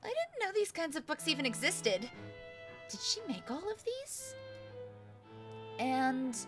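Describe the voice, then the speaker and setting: A woman's voice: high-pitched, big pitch swings, a little slow, over music. A young woman streamer playing a game, reading its text aloud and commenting in a bemused, playful way.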